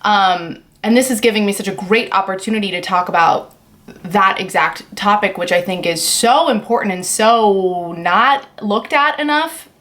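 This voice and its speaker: An upbeat woman talking straight to her viewers in a relaxed vlog. She jokes and swears casually, and her voice sits at a medium pitch. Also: normal speed. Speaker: vlogger answering a viewer question.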